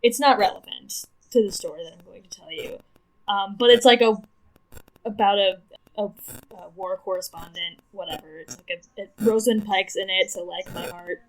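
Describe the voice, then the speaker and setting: A woman's voice: medium pitch, normal speed, low-quality recording. A woman co-hosting a podcast in casual chat, laughing often, swearing freely and rambling through her asides. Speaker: podcast co-host.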